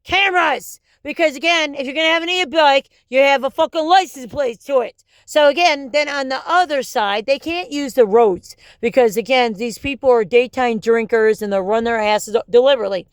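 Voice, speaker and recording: A woman's voice: high voice, moderate pace, hardly any pauses, smooth, dry recording. A woman in an angry, rambling monologue, swearing often and jumping between topics.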